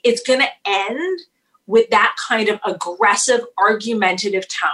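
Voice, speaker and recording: A woman's voice: mid-range voice, a little slow, pushed and bright, poor audio. A woman therapist being interviewed on a podcast, explaining with energy and acting out example dialogue. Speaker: couples therapist guest.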